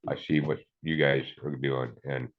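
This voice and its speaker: A man's voice: a bass voice, level tone, a little slow, narrow, tinny audio. A middle-aged man giving an emotional personal testimony, earnest and rambling, saying "man" often. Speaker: community member sharing a testimony.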